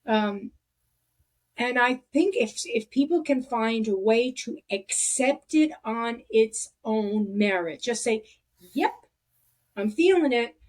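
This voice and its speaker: A woman hosting a podcast, talking in a reflective, halting way with many restarts. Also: a little high, a little mellow. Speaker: podcast host. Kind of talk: casual conversation.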